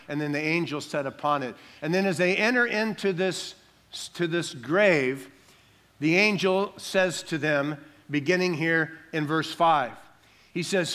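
A man preaching an Easter sermon, emphatic, calling for amens and dropping soft and slow on solemn lines. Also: fairly high pitch. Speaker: pastor.

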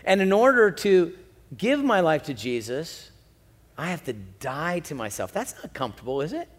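A man preaching a sermon from the pulpit, animated, swinging between loud emphasis and quiet, slow lows. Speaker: pastor. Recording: long hall reverb.

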